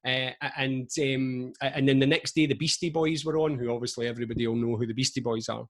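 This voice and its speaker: Husky man giving a lively motivational talk. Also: mid-range voice, quick pace. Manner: lively, chatty, storytelling with frequent asides. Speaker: motivational speaker. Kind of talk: energetic motivational talk to camera.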